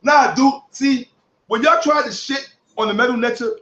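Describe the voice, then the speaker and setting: Man, very high voice, combative and boastful, echoey room, distant from the mic. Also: moderate pace, muffled recording. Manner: combative, boastful, profane, shouts at times. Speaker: online commentator. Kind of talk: heated commentary.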